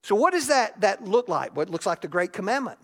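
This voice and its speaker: A pastor preaching in a relaxed, conversational way, dropping into soft, confiding asides and then lifting the voice for emphasis. Everyday characters are acted out mid-sentence. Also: mid-range voice, a little fast. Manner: shifts often between soft asides and raised emphasis. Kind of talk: sermon.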